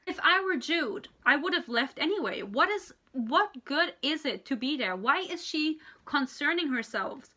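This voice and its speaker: A woman ranting in a book review vlog, exasperated, sarcastic and profane, acting out characters in quick impressions. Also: high voice, lively intonation, sharp tone.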